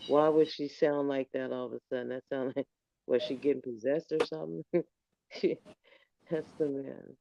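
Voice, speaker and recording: A man co-hosting a casual discussion, reasoning slowly with hesitations. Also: medium pitch, fairly even intonation, vocal fry, highs cut off, slight background noise. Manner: thoughtful, hesitant, reasoning step by step. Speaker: co-host. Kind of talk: casual chat.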